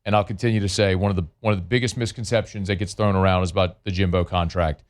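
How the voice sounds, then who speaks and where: A man's voice: low voice, steady tone, fast. A man hosting sports talk radio, talking in a loose, conversational way with many fillers and restarts.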